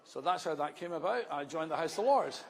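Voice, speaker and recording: Scottish man in his fifties, slightly gravelly, telling life stories to an audience with dry humour. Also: a little high, lively intonation, brisk. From Scotland. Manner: conversational storyteller, wry asides. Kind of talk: public speech, anecdotal.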